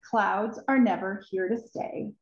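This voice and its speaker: Slow, expressive woman reading a storybook. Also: medium pitch. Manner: expressive, emotional, with sighs and drawn-out words. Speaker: children's book author. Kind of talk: reading her own picture book aloud. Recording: roomy, dull recording.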